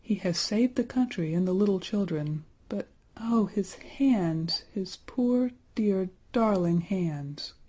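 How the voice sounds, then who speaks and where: A woman voicing a tender, passionate young princess in a storybook reading, with breathy exclamations. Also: lowish voice, animated, a little fast, hardly any pauses, dark tone.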